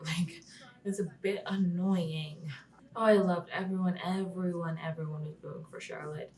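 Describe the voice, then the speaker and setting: A woman's voice: on the low side, fairly even intonation, moderate pace, darkish tone, far from the mic, low-quality recording. A young woman talking through a casual vlog recap, chatty with lots of "like", often dropping to a whisper and swearing. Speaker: wrestling vlogger.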